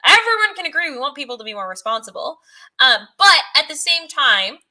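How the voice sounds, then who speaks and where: A woman's voice: sits high, sing-song, a little fast, sharp tone. A woman interview guest who argues her points fluently, earnestly and persuasively. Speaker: guest, pro-life advocate. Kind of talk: casual conversational interview.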